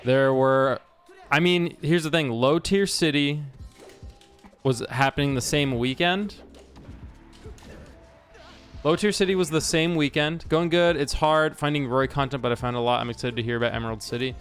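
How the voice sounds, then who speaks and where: Male streamer, mid pitch, chatty and meandering, light music under the voice. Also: steady tone, moderate pace. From Washington state. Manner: rambling storyteller with frequent restarts and fillers. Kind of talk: casual stream chat while gaming.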